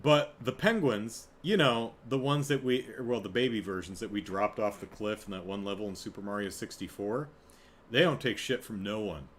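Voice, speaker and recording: A man's voice: on the low side, normal speed. A man hosting a podcast, chatting casually and rambling through a review, breaking off to laugh and act out quotes. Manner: rambling, self-interrupting, laughs, acts out quotes. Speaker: podcast host. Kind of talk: casual solo review chat.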